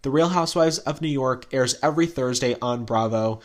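A man's voice: mid-range voice, fairly quick. A man co-hosting a podcast, recapping reality TV in casual chat and acting out what people said, with lots of "like" fillers. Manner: animated storytelling, acts out quotes, many "like" fillers. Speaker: podcast co-host.

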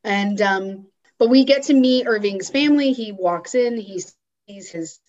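A woman's voice: medium pitch, measured pace, a little mellow, lo-fi sound, slight background noise. A woman co-hosting a podcast, chatting casually and rambling a little while recapping a film. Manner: chatty, rambling, uses many fillers. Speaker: podcast co-host.

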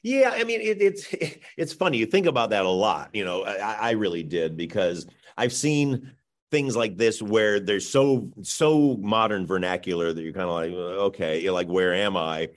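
A middle-aged man with a fairly low voice talks through an interview as the director guest. He is chatty and loose, restarts his sentences, and laughs often. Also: sing-song, normal speed. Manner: chatty, self-interrupting with frequent laughs and "you know". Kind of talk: casual interview answers.

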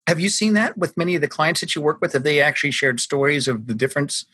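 A man's voice: a little high, lively intonation, fast, pushed and bright, breathy edge, dry recording. A man hosting an interview, asking questions in a curious, conversational way. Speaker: podcast host, recruiter.

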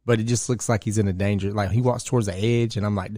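A roofing contractor telling rowdy stories with swearing in a casual podcast chat. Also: male voice, fairly low pitch, steady tone, quick pace, warm tone, no room sound, clean studio sound. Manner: storytelling with laughs and cursing.

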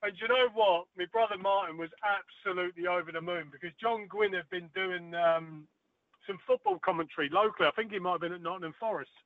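A man's voice: sits high, quick pace, no room sound. A man, a former darts player, telling stories in a chatty way with many fillers during an interview. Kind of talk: casual phone interview. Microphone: phone. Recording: tinny phone line, dry.

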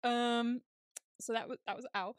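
A young woman co-hosts a podcast, chatting casually and telling stories with plenty of laughter and acted-out quotes. Her voice is fairly high with fairly even intonation, a moderate pace and a clean tone, captured in a dry, studio-quality recording.

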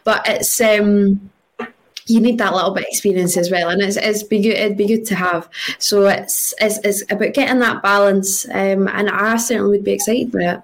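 A woman's voice: mid-range voice, fairly even intonation, normal speed. A woman on a football podcast panel, speaking hesitantly with frequent restarts. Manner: hesitant, many fillers and restarts. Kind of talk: casual football podcast chat.

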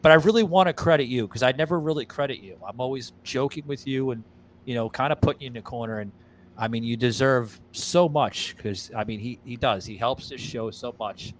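A man's voice: mid-range voice, fairly quick, a little hiss or hum. A man hosting a casual podcast, rambling and repeating himself, stammering through a sponsor read and swearing freely. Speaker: podcast host.

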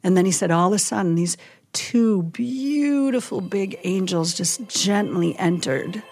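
A woman chaplain telling a vivid story in a casual podcast chat, animated and full of "like" and "you know". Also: medium pitch, a little slow, faint music behind.

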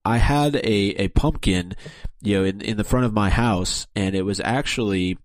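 A man's voice: on the low side, normal speed, dry recording. A man co-hosting a podcast, telling a casual story with a few fillers. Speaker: podcast co-host. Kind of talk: casual chat.

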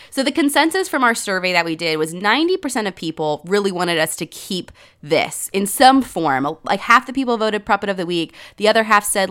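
A woman with a smooth, medium-pitched voice co-hosts a podcast in a casual chat. She tells stories animatedly, acting out what people said and saying "like" a lot.

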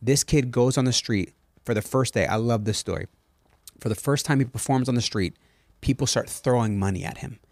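A man's voice: medium pitch, brisk, darkish tone, dry recording. A man co-hosting a podcast in casual chat, telling a story with enthusiasm and wandering off on tangents. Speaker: podcast co-host.

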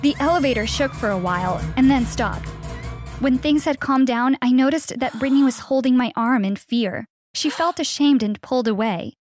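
A young woman narrating a scripted first-person story in an earnest, steady way. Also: high-pitched, moderate pace, faint music behind.

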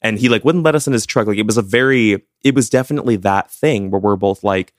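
Man, podcast co-host, casual chat, low pitch, playful, dry sound. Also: fast, no echo. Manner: chatty, teasing, laughs often, playful impressions.

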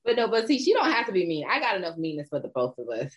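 A woman's voice: mid-range voice, very animated, racing, heavy background noise. A middle-aged woman co-hosting a casual chat, blunt, brash and profane. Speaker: podcast co-host. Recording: dull lo-fi sound.

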